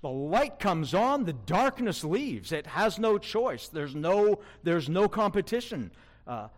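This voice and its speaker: A man preaching a sermon in a fairly high voice that swings widely up and down. He speaks slowly and with emphasis, putting questions straight to his listeners.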